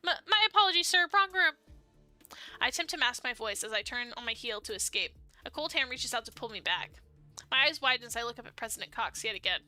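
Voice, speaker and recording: A woman's voice: a little high, fast, bright, forceful tone, faint music behind. A young woman streaming, reading a dating game aloud in a chatty, giggly way.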